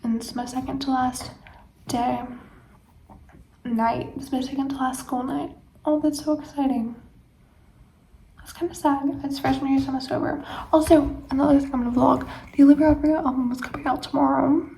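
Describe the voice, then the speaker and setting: A woman's voice: high-pitched, fairly even intonation, normal speed, gravelly, long pauses, dark tone, slight background noise. A teenage girl vlogging late at night, tired, rambling with lots of fillers and often dropping to a whisper. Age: teens. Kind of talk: late-night casual chat to camera.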